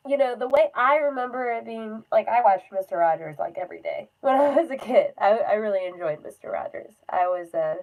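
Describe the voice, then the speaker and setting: A woman's voice: medium pitch, expressive, brisk, hardly any pauses, a little mellow, rough recording. A young woman chatting casually on a phone livestream, rambling with lots of fillers and frequent laughs. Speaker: livestream host.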